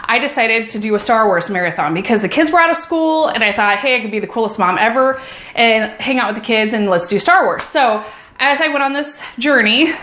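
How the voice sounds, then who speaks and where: A woman's voice: on the high side, fairly bright tone, roomy sound. A woman who is a runner and a mom, talking in an upbeat, enthusiastic and encouraging way in a casual motivational vlog.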